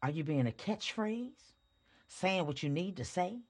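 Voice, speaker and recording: A woman's voice: lowish voice, expressive, a little slow, darkish tone. A woman hosting a spiritual podcast, talking casually and preachily into a microphone, asking rhetorical questions and chuckling often. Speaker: podcast host. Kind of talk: spiritual motivational talk. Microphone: studio microphone.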